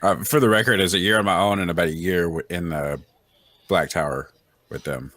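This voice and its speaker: A man's voice: deep voice, brisk, a bit bright, dry recording. A man playing a tabletop game, chattily describing what his character does. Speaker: player.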